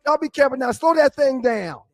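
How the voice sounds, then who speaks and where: A man's voice: extremely high pitch, expressive, fairly quick. A man doing a drawling, easygoing country cop. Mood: genial.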